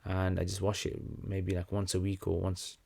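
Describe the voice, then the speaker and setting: A young man hosting a casual livestream Q&A, talking in a relaxed, conversational way with many fillers and restarts. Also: sits low, moderate pace, creaky. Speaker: livestream host answering questions.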